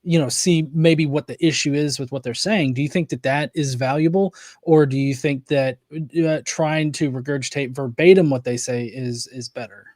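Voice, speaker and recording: A man's voice: mid-range voice, fairly even intonation, moderate pace, darkish tone, dry recording, clean studio sound. A man hosting a podcast, asking a thoughtful question while searching for his words. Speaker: podcast host. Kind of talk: conversational interview.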